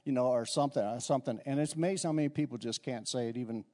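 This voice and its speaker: A man's voice: mid-range voice, very fast, mellow. A middle-aged man preaching a conversational sermon in a church, often repeating and restarting his words. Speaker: pastor.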